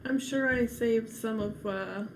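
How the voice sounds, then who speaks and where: Playful woman player, goofy and chatty, music clearly behind her. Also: on the high side, measured pace. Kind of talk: casual chat at a tabletop game.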